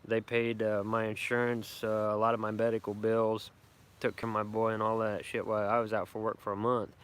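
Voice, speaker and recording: On a casual live stream from his woodland camp, a middle-aged bushcraft vlogger rambles in brash, profane, boastful country talk. His lowish voice has a clean tone, a brisk pace, and a completely flat delivery.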